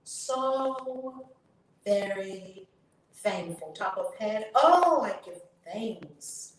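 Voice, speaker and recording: A woman hosting her channel, leading a guided tapping session with slow, drawn-out chanted affirmations that turn breathy and emphatic. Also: medium pitch, expressive. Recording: echoey room, distant mic, faint noise.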